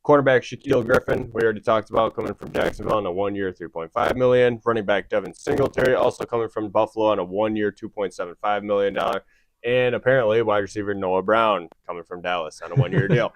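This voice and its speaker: A man with a somewhat low voice hosts a loose football podcast with friends. He runs through player signings and chuckles between the figures. The sound is close and dry. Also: quick pace, dry recording. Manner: reads off stats with laughs. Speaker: podcast host. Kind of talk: casual sports chat.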